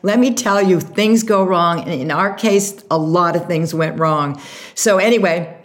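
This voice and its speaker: A woman being interviewed about starting her makeup brand, telling the story with lively, acted-out quotes. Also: on the low side, measured pace. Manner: animated storyteller, acts out quotes. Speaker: guest, makeup artist and brand founder.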